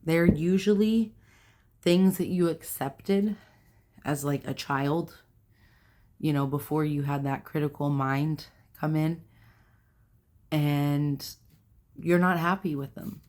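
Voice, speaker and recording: Woman, low voice, unhurried, rambling, casual self-help chat. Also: fairly even intonation, darkish tone. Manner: rambling, conversational, many fillers and self-corrections. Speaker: self-help video host. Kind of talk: casual talk to camera.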